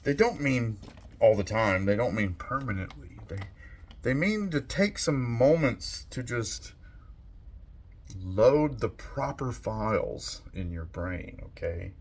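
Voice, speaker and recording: A man giving a slow, thoughtful monologue as a channel host, soft-spoken and unhurried. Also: mid-range voice, lively intonation. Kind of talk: reflective monologue.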